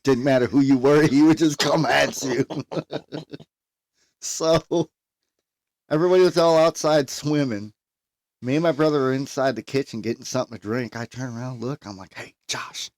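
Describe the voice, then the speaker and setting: A man's voice: mid-range voice, fairly even intonation, moderate pace, long pauses, darkish tone, no echo. Laughing man telling a funny story. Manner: laughs often while telling funny stories. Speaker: storyteller guest. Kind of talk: casual storytelling.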